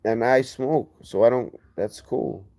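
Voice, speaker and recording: A man hosting a casual livestream, reading viewer comments and rambling, getting heated and fast when he defends himself. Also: mid-range voice, mellow. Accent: lazy-sounding regional accent. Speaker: livestream host.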